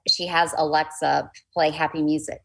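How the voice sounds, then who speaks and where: A woman's voice: sits low, little pitch movement, normal speed, gravelly, fairly bright tone, rough recording. A woman life coach talking earnestly in a casual conversation, chatty and faith-filled, often restarting her sentences.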